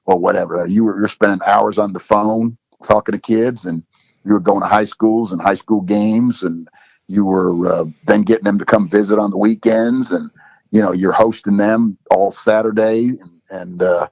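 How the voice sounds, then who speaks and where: Low-voiced rambling middle-aged man. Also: steady tone, normal speed, creaky, darkish tone, no room sound. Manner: rambling, full of "you know" fillers. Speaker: football coach. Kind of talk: casual storytelling interview. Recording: dull lo-fi dry recording.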